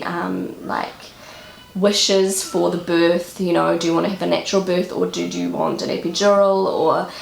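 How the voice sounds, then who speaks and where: A woman's voice: lowish voice, gravelly. A young woman with a New Zealand accent, telling a personal story to camera in a chatty way, with many fillers and repeated words. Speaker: vlogger. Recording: echoey room with faint noise.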